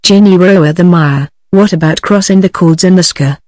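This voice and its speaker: A synthetic British English woman's voice reading the lines of a stern old male Scottish shepherd in a storybook, in a flat delivery. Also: fairly low pitch, normal speed, no room sound, close to an everyday voice. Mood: warning.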